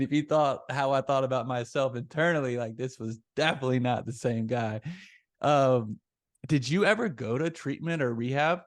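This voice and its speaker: A man hosting a podcast, chatting casually and sharing his own recovery story in a relaxed way. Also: medium pitch, normal speed. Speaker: podcast host. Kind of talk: casual interview chat.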